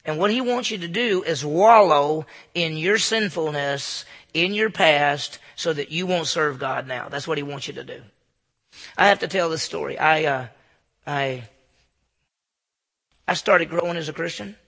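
A man's voice: fairly high pitch, unhurried, a bit bright, long reverb tail. A man giving an earnest, informal devotional talk to a group in a room, often stammering and restarting his sentences. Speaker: Christian speaker.

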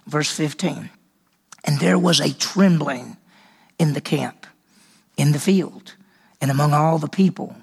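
High, gravelly preacher. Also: male voice, a little slow, long pauses. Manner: animated storytelling, acting out voices. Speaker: Bible teacher. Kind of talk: sermon.

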